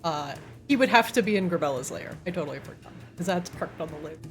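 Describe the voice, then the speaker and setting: Lively woman game master. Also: lowish voice, faint music behind. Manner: laughing, casual, quick asides. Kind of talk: narrating a tabletop game.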